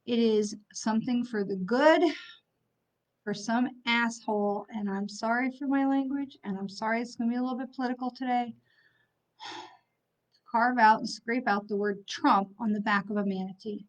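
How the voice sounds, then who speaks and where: A middle-aged woman, working as a psychic medium, talks to her livestream viewers angrily and bluntly, swearing and then apologizing for it. Her voice is fairly high with fairly even intonation at normal speed, and the stream audio is slightly dull and lo-fi.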